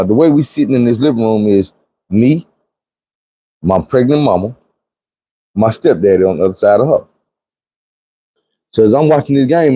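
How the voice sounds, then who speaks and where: A man's voice: on the low side, lo-fi sound. A man, telling a personal story in a conversational, emphatic way. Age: 40s. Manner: conversational, emphatic, repeats "you know what I'm saying".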